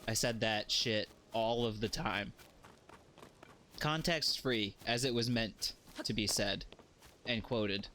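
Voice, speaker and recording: A man's voice: mid-range voice, animated, slow, pushed and bright, faint music behind. A man streaming a game live, rambling in a jokey way, swearing freely and chatting to his viewers.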